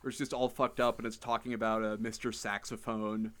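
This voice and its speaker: A man's voice: lowish voice, flat delivery, a little fast, a bit bright. A young man hosting a casual podcast, reading online posts aloud with many fillers and restarts. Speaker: podcast host.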